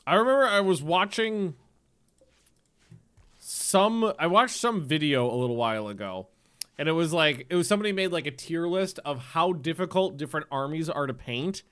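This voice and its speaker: A man's voice: fairly high pitch, normal speed, smooth. Rambling, profane male streamer. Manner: rambling, profane and excitable, often laughing. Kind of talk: casual chat while livestreaming a game.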